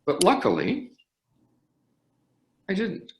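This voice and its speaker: Older man, conductor, animated storytelling, lively pitch, roomy echoing room. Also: slow, creaky. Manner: animated anecdote teller with frequent restarts. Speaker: orchestra conductor. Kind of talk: storytelling interview. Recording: roomy echo.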